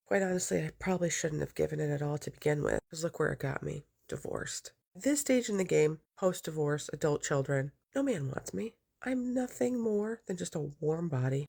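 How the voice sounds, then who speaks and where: Woman, middle-aged, gravelly, deadpan, bitter monologue. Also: deep voice. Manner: deadpan, bitter, flat list of refusals. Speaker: divorced woman venting. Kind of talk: monologue to camera.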